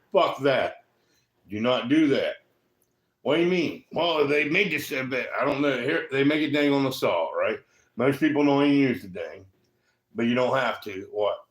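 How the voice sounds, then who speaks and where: A man talking casually to the camera in a rambling, profane way, tagging most remarks with a quick "right?". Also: mid-range voice, reverberant. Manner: profane, keeps asking "right?". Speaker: vlogger.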